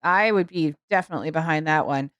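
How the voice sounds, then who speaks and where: A woman's voice: low voice, fast, a bit bright, clean tone, dry recording, clean studio sound. A woman co-hosting a podcast, chatting casually with wry asides and frequent laughs. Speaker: podcast co-host. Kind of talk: casual chat.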